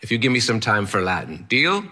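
A man's voice: fairly low pitch, sing-song, a little fast, pushed and bright, exaggerated voice. A man voicing an eccentric old male Latin teacher with a strange, oddly accented delivery, blunt and theatrical but fond. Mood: encouraging.

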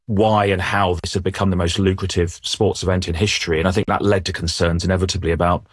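A man, a sports editor, giving measured, thoughtful answers in a news interview, often restarting his sentences. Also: low-pitched, slightly rough, no room sound, clean studio sound.

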